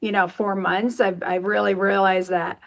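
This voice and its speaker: A woman's voice: mid-range voice, little pitch movement, moderate pace, vocal fry, highs cut off. A woman being interviewed on a podcast as a company executive, chatty and upbeat in her talk. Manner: upbeat, chatty, laughs easily.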